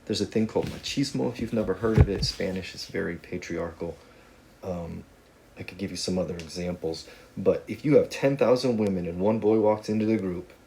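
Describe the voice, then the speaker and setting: A man's voice: low voice, a little mellow, slight background noise. A man teaching a casual video lesson on Spanish grammar, talking in a conversational, joking way with playful asides.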